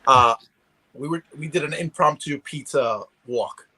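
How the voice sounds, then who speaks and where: A man's voice: fairly high pitch, unhurried, bright, forceful tone, rough recording. A man chatting casually over a video call, rambling with many restarts. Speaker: guest collector. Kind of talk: casual chat.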